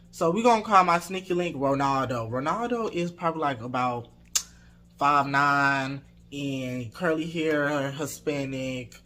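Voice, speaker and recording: Mężczyzna opowiada anegdotę na vlogu, luźno, z dużą ilością slangu i przekleństw, z zapałem. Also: male voice, fairly high pitch. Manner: animated, laid-back slang and swearing. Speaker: storytime vlogger. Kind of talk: casual storytelling.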